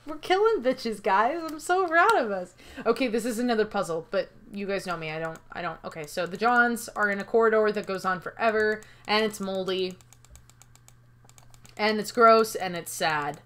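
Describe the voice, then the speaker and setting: A woman's voice: medium pitch, normal speed, fairly bright tone. A young woman playing a game and commenting on it in a playful, self-mocking way. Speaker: let's play host. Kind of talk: gaming commentary.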